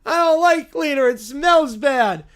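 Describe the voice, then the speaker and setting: A man's voice: very high voice, lively intonation, measured pace, fairly bright tone, pitched above the performer's own voice, exaggerated voice. A man voicing a whining, sulky preschool boy who complains about everything. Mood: whiny. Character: whiny crying little preschool boy.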